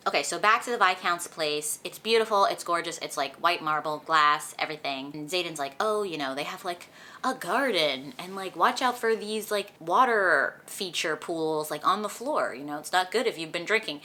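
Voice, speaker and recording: A woman's voice: on the low side, normal speed. Chatty young woman recapping a book. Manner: chatty, animated retelling with lots of "like". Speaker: book vlogger. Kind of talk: casual book recap vlog. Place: indoors at home, sunlight on her face.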